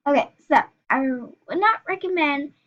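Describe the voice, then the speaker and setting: A high-voiced teenage girl chatters loosely to her viewers, stumbling through restarts and fillers as she goes. The sound is a little dull and lo-fi, as if from a built-in mic. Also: animated, a little slow. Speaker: YouTuber. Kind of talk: casual reaction vlog, reading texts aloud. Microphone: screen recorder, built-in mic.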